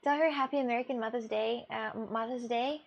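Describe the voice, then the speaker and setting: A woman's voice: fairly high pitch, fairly even intonation, brisk, gravelly, lo-fi sound. A young woman streamer from Russia, chatting casually with viewers in a rambling way, with gasps and restarts. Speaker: live streamer.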